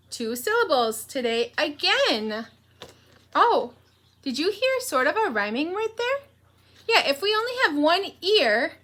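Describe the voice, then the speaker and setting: In a home room, a woman teacher runs a morning meeting for young children, asking them lots of questions. She talks slowly in a high, animated, sing-song voice.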